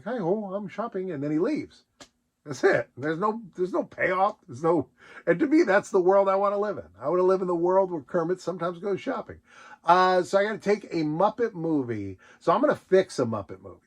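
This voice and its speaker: A man hosting a casual question-and-answer video, talking in a playful, rambling way and laughing often. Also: fairly high pitch. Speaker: host answering viewer questions. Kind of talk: casual solo Q&A chat.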